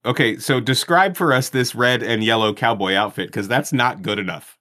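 A man's voice: medium pitch, normal speed, sharp tone. A man in his forties playing a tabletop game, eager and playful with his questions. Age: 40s. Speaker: player.

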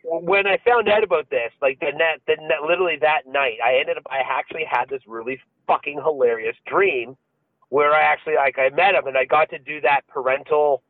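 A man's voice: fairly high pitch, brisk, no room sound. A man co-hosting a podcast, telling a story with lots of swearing and laughter in casual chat. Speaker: podcast co-host. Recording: dry, phone-like lo-fi sound.

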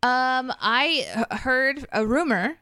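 A woman's voice: sits high, slow pace, sharp tone, clean tone, no echo, studio quality. Teasing female podcast co-host. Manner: brief teasing interjections. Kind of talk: casual podcast chat.

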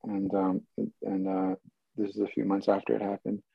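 Gravelly, husky man telling stories. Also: lowish voice, completely flat delivery, dry recording, muffled recording. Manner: rambling, self-amused, halting restarts. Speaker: actor guest. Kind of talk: casual storytelling.

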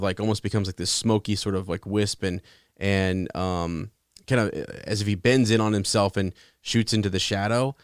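A man with a fairly low voice rambles through a casual book chat, restarting his sentences. The sound is dry and up close. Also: smooth, no echo. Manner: rambling, lots of restarts and fillers. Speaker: book discussion co-host.

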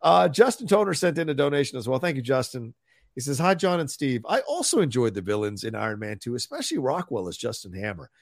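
A man's voice: mid-range voice, big pitch swings, quick pace, gravelly, no echo, studio quality. A man co-hosting a live film podcast, chatting casually in a rambling way and reading viewer comments aloud. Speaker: podcast co-host.

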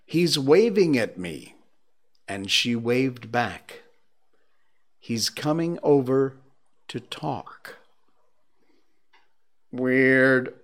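A man hosting a livestream in casual chat, reading odd stories aloud with spooky asides. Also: medium pitch. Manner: slow, animated reader with spooky asides. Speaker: livestream host.

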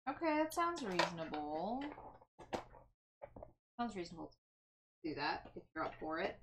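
A woman's voice: fairly low pitch, very animated, moderate pace, background noise. A woman playing a tabletop game, chatting casually and teasing the game master. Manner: teasing, argumentative. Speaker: player.

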